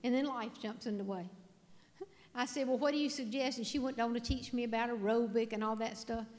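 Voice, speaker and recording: A woman's voice: a little high, fairly even intonation, brisk, darkish tone. Middle-aged woman, keynote humorist, self-mocking and folksy, hall reverb. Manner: folksy, self-mocking storytelling with audience questions. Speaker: motivational speaker. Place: large hall with a live audience.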